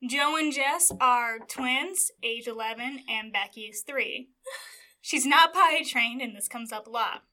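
High bright giggly young woman. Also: measured pace. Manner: giggly, joking, reads out a character list. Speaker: podcast co-host. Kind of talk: casual chat.

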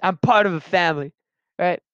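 A young man talks in a high, smooth voice, rambling through his own stories and often breaking off mid-thought. The sound is dry and a little dull, like a cheap recording. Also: fairly quick, fairly bright tone, no room sound. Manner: rambling, self-interrupting, slangy. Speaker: vlogger telling personal stories. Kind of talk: rambling casual monologue.

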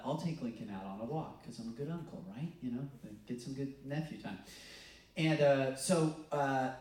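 A man preaching a sermon in a relaxed, talky way, with ums and restarts as he tells stories. His voice sits in a mid pitch and rings out through a very echoey hall. He stands some way back from the mic. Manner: conversational, storytelling with self-corrections and fillers. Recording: echoey room, mic at a distance.

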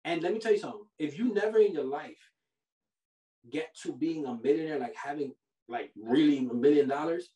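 A man hosting a podcast. He gives money advice in a casual, animated, preachy way, full of slang like "bro" and "yo". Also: a little high, fairly quick, far from the mic. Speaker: podcast host. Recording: roomy sound from off the mic.

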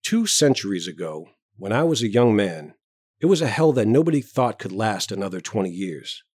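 Serene elderly doctor, low-voiced and cheerfully persuasive, read by a male narrator. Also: very animated, normal speed, a little mellow, dry recording, studio quality. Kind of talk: audiobook character reading.

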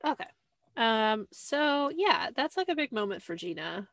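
A woman's voice: a little high, very animated, unhurried, fairly bright tone, slight background noise. A woman hosting a podcast in a cramped little room, rambling with lots of fillers while recapping a show. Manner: rambling, many "like" fillers, apologetic asides. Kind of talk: casual chat. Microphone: close desk mic.

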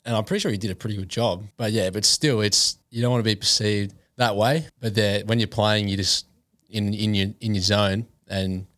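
A young man with an Australian accent, a podcast guest answering in a calm, measured way. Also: on the low side, no echo. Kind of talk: casual podcast chat.

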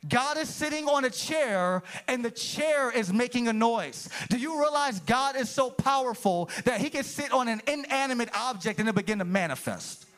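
A man preaching a sermon as pastor, animated and talking straight to the congregation, now and then breaking into shouted bursts. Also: very high-pitched.

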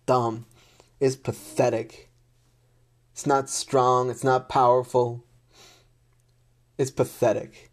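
A man's voice: mid-range voice, a little mellow. A man in an unscripted rant to camera, blunt and exasperated, swearing often and repeating himself. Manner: blunt, heavy swearing, repetitive; frustrated and exasperated.

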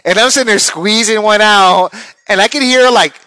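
A man's voice: high voice, brisk, bright, forceful tone, clean tone, dry recording. A man telling a crude comic story, acting out other people's voices with big jumps.

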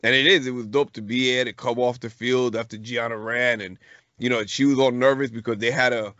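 A man's voice: mid-range voice, fairly even intonation, fairly quick, pushed and bright, no room sound. A middle-aged man co-hosting a podcast, chatting casually and telling a story in slangy speech full of restarts. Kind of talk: casual chat. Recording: dull lo-fi podcast recording.

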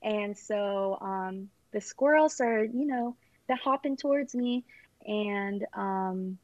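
A young woman rambles casually through the story of her engagement, speaking slowly with lots of fillers and giggles. Her medium-pitched voice has a darkish tone with no room sound, and the recording is dull and lo-fi.

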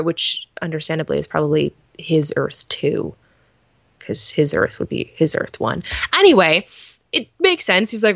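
A woman's voice: deep voice, very animated, gravelly, fairly bright tone, no room sound, clean studio sound. A woman co-hosting a podcast, casually recapping a TV episode and playfully acting out the characters' lines. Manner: playful, acts out characters' lines in quick voices. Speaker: podcast co-host. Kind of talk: casual fan review chat.

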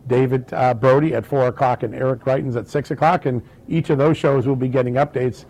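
A man's voice: medium pitch, steady tone, fairly quick, darkish tone, poor audio. A man appearing as a guest on a talk show, talking in an easygoing way with frequent fillers. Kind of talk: casual interview plug.

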